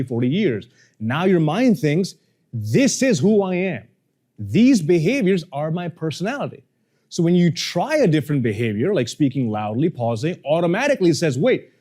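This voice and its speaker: A man coaching a workshop audience on how to speak, acting out the people he quotes. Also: a little high. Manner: animated, acts out quoted people. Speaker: communication coach. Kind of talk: workshop lesson.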